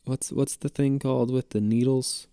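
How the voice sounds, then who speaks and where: A man's voice: mid-range voice, steady tone, moderate pace, dark tone, smooth, no echo, clean studio sound. A man hosting a podcast, telling a rambling, jokey story with plenty of swearing. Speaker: podcast host. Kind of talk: casual storytelling monologue.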